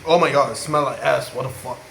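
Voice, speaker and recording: A man's voice: mid-range voice, fast talker, creaky, a bit bright. A man rambling and joking crudely in a casual vlog. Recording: echoey room, faint hiss.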